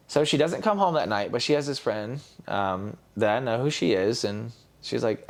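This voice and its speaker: A young man with a gravelly, fry-edged voice talks as a podcast guest. He tells a personal story candidly and acts out the lines of others as he goes. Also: lowish voice, animated, normal speed. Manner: candid, retells scenes with quoted voices. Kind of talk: casual storytelling.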